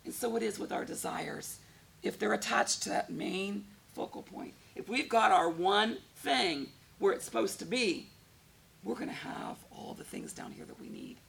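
A woman preaching with a heavily gravelly, creaky voice. She talks to her congregation conversationally and keeps asking them questions as she goes. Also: medium pitch, normal speed, fairly bright tone. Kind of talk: sermon.

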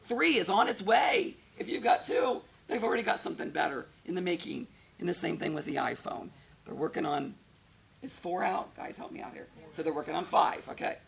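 A woman preaching with a heavily gravelly, creaky voice. She talks to her congregation conversationally and keeps asking them questions as she goes. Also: lowish voice, lively intonation, a little fast. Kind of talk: sermon.

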